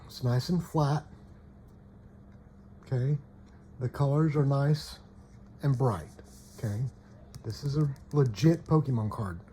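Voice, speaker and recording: Slow, mellow-voiced man showing cards. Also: mid-range voice, a little hiss or hum. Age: adult parent. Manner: repeats "okay?" and trails off mid-sentence. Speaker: collector showing trading cards. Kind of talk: casual show-and-tell.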